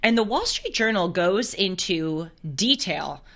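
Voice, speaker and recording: A woman's voice: medium pitch, animated, measured pace, fairly bright tone. A woman hosting a live call-in talk show, chatty and playful, laughing often as she talks.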